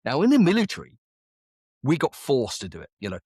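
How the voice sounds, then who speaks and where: A man's voice: medium pitch, huge pitch swings, fairly quick, a little mellow, breathy edge, dry recording. A man on close mic, a guest telling a story in a casual interview, chatty and repeating words as he goes. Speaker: guest, veteran business owner.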